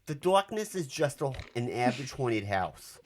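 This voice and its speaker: A man's voice: medium pitch, big pitch swings, moderate pace, noisy background, voice pushed up, lightly acted. A sour male reviewer with a broad New York accent shrugs off a haunted house, played by a man. His vowels stretch long and his tone stays dismissive. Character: grumpy unimpressed male reviewer.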